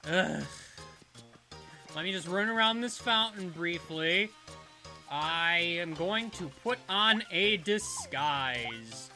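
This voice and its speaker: A man's voice: sits high, lively intonation, slow, sharp tone, faint music behind. A young man rambling casually through gameplay commentary, laughing at his own asides. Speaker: let's play host.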